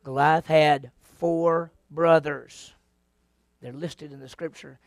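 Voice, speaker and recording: Guy teaching a bible class, gravelly voice, pitched a bit high, dry close sound, keeps asking the room questions. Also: slow, no echo. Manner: animated storyteller, asks the class questions, acts out voices. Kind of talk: lively Bible lesson to a class.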